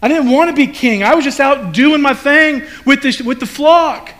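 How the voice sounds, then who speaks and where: A man's voice: very high-pitched, moderate pace, fairly bright tone, pitched above the performer's own voice. A man preaching who acts out a weary young king pleading in lament.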